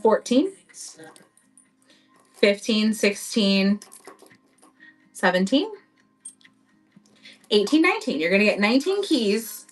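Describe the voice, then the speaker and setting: Recorded from a distance, a woman speaks in a voice on the high side. She's running a relaxed live-stream auction, cheerfully chatting about vintage pieces for prospective buyers.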